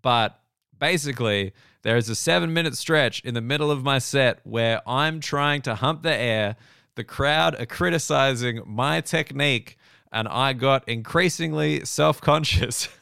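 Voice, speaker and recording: A man's voice: mid-range voice, a little slow, creaky, pushed and bright, smooth, no room sound, studio quality. A man in his thirties with an Australian accent, telling rambling, profane, self-deprecating stories as a comedian hosting his own podcast. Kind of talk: casual comedic monologue.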